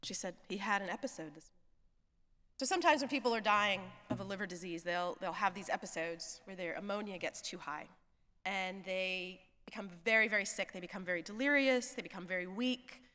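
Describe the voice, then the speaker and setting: A woman hospice chaplain telling a story from the pulpit, acting out each person's lines in an animated way and laughing often. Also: mid-range voice, a little fast. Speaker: hospice chaplain, guest preacher. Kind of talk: storytelling sermon. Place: church sanctuary. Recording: long church reverb.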